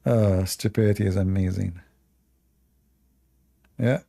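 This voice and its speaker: Sarcastic guy with an accent hosting a stream, low mellow voice with some fry. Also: animated, measured pace. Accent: non-native English accent. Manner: sarcastic and mocking. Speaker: livestream debate host. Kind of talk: casual livestream commentary.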